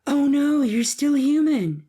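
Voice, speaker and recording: A woman voicing Candace, a young werewolf girlfriend, with a breathy voice in a hobby audio drama. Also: high-pitched, lively intonation, takes it slowly, warm tone. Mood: worried.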